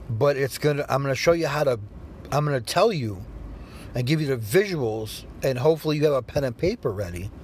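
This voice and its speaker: A man's voice: medium pitch, a little mellow, a little hiss or hum. A man hosting his own solo podcast, ranting bluntly and swearing freely. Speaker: podcast host.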